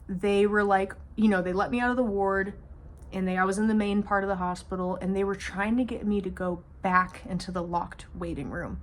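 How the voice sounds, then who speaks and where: A young woman vlogger telling a storytime monologue to her camera, swearing freely and speaking with animated emphasis. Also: mid-range voice.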